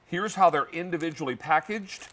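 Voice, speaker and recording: A man's voice: fairly high pitch, normal speed, a bit bright. A man hosting a live home shopping show from a studio kitchen, chatty and folksy, with Southern sayings. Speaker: TV shopping host.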